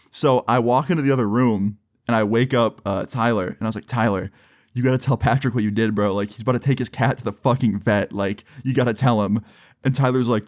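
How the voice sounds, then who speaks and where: Young man telling a wild story. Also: mid-range voice. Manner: animated, slangy, fast retelling with lots of "like" and "dude". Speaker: vlogger. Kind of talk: casual storytelling.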